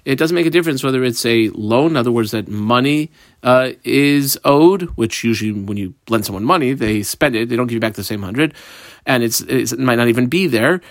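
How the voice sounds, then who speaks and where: A man giving a Talmud class, reading out Aramaic phrases and explaining each one in plain, casual English. His voice sits in a middle pitch. The recording is dry and close. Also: a little fast, no echo. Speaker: Talmud teacher. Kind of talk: Talmud lesson.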